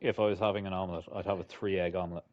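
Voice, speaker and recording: A man's voice: deep voice, fairly even intonation, very fast, phone-quality sound. A man co-hosting a casual podcast, teasing and joking, with some swearing. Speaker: podcast co-host. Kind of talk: casual chat.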